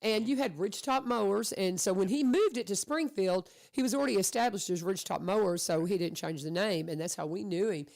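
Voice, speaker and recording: A woman hosting a radio show, chatting casually with her guest and telling animated stories. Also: medium pitch, fairly quick, creaky, few pauses. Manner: chatty, animated storyteller who acts out quotes. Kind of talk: casual conversational interview. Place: radio studio.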